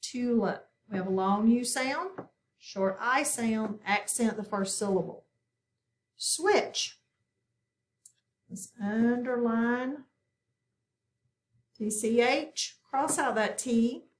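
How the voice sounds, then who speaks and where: A woman teaching a phonics lesson, patiently sounding out words and asking her students questions. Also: fairly high pitch. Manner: encouraging, asks the class questions, repeats words slowly. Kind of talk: slow, patient classroom instruction.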